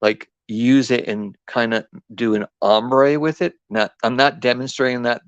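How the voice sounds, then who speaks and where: A man's voice: medium pitch, fairly even intonation, measured pace, clear, resonant tone, no room sound, dull audio. A man with an East Coast accent hosting a live craft demo, rambling and chatty with lots of ums and restarts. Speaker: craft host.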